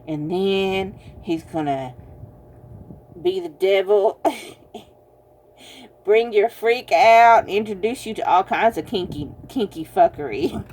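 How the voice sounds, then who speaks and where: A woman's voice: mid-range voice, a little mellow, husky. A woman giving a casual tarot card reading, chatty and teasing, laughing often and calling her viewers y'all. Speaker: tarot reader.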